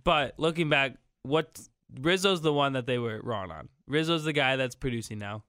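20s guy producing a sports radio show, smooth clear voice, laid-back, agrees a lot. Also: medium pitch, normal speed, pushed and bright, no room sound, clean studio sound. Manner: easygoing, agreeable sidekick. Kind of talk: casual sports talk radio. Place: radio studio. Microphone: studio microphone.

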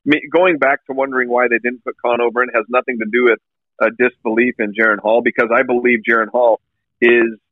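A man's voice: medium pitch, brisk, no echo. A man co-hosting a sports podcast remotely, talking steadily and agreeably, with frequent "uh" fillers. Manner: agreeable, steady, fills gaps with uh. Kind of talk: casual sports talk. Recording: tinny phone-like line.

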